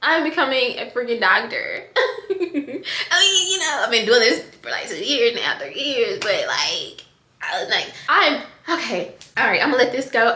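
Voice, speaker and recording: Woman, middle-aged, casual vlog, excited and emotional, bright voice, echoey room. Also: a little high. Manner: excited, emotional, addresses viewers as y'all. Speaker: vlogger. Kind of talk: casual vlog talk to camera. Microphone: camera on desk.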